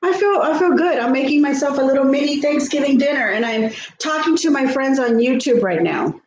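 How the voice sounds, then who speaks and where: A middle-aged vlogger from South Texas chats casually with her viewers as she cooks at home, laughing often and reading their comments out loud. Her high voice moves at a brisk pace, the kitchen echoes, a faint ambient hum runs underneath, and the recording's highs are cut off.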